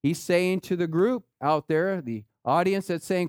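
A man preaching a sermon, swinging between rising rhetorical questions and low, quiet asides. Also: normal speed, few pauses, clear, resonant tone, no room sound, clean studio sound. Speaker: pastor.

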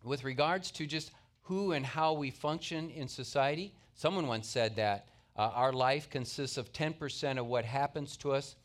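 A middle-aged pastor preaches in an earnest, conversational manner, mixing stories into his teaching. His voice sits at an ordinary mid pitch for a man. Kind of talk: sermon.

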